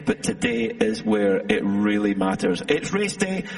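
A male race commentator with a very gravelly, husky voice that swings widely in pitch. He delivers fluent, upbeat scene-setting commentary, picked up from some distance off the mic. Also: wildly swooping pitch, measured pace.

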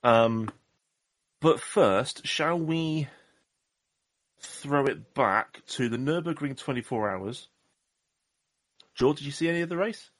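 A man's voice: mid-range voice, lively intonation, slow, long pauses, no room sound. A man from Southwest England co-hosting a podcast, rambling and joking at his own expense in casual chat. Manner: rambling, jokey, self-deprecating. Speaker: podcast co-host.

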